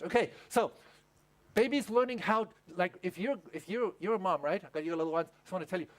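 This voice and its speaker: A man's voice: high-pitched, brisk. A male pastor preaching at a camp meeting, telling a story and asking the audience questions. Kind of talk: sermon.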